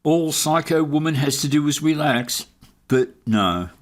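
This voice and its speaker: A man's voice: fairly high pitch, lively intonation, unhurried, slight background noise. A man giving sarcastic, mocking commentary over video footage. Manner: sardonic, mocking.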